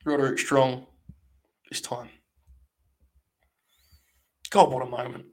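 A man's voice: medium pitch, fairly even intonation, takes it slowly, pauses often. A young man hosting a live watch-along stream, talking in a mock-grandiose, rambling way full of swearing.

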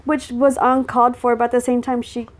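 A woman co-hosting a casual podcast, teasing her partner with quick comebacks. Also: fairly high pitch, little pitch movement. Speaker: podcast co-host. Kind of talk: casual chat.

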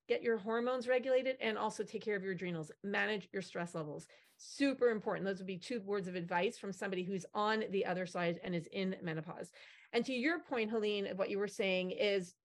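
A chatty woman in menopause speaks on a video call panel, even and mid-pitched. She talks in a lively, casual way and acts out quoted remarks along the way. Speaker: panelist, company founder.

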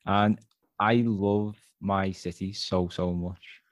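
A man's voice: low-pitched, flat delivery, slow, no room sound. A man with a Liverpool accent, a guest author talking earnestly in a casual interview, often restarting his phrases. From Liverpool, England.

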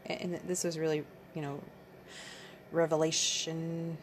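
A woman's voice: deep voice, flat delivery, a little slow, a little hiss or hum. A woman in her thirties talking candidly in a rambling casual monologue, swearing freely, as the podcast host. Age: 30s.

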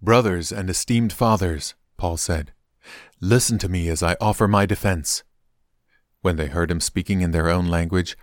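Male scripture reader with a low, steady voice and a measured, unhurried read. Dry, close sound. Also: no room sound. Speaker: Bible reader.

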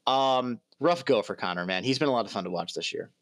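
A man's voice: mid-range voice, expressive, fairly quick, a bit bright, no room sound. A man in his thirties co-hosting a casual sports podcast, joking and rambling. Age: 30s. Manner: jokey, rambling, trails off. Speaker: podcast co-host.

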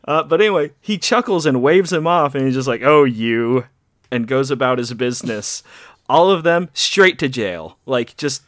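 A man's voice: medium pitch, expressive, normal speed, no room sound. Man, podcast co-host, casual and chuckling, dry close sound. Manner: laughs often while telling stories. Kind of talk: casual chat.

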